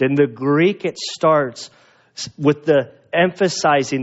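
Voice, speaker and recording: A male pastor preaching a sermon, slow and earnest, often restarting his phrases. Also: fairly high pitch. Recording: dull lo-fi sound.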